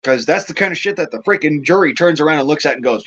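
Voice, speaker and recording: A man's voice: a little high, expressive, fast talker, a bit bright, slight background noise. A middle-aged man hosting a livestream, ranting in a profane, agitated way, shaken and angry. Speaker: livestream host. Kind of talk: angry livestream rant and chat greetings. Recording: dull lo-fi stream audio.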